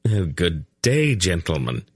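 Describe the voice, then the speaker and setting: A man's voice: low voice, sing-song, a little slow, fairly bright tone, no echo, clean studio sound, heavily acted. A man voicing a sly male spy and trader who talks in a breezy, urbane, dryly witty way.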